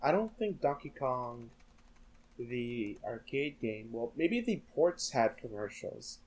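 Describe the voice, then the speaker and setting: A man's voice: medium pitch, sing-song, slow pace, darkish tone, a little hiss or hum, rough recording. A man speaking as a guest in a casual podcast chat, hesitant with many fillers.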